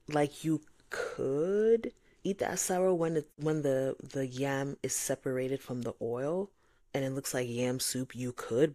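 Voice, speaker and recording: Woman from nigeria doing a faith podcast, low voice, acts out little voices, dry room. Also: dry recording. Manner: animated, acts out voices of God and others. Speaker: podcast host. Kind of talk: faith-based reflective monologue.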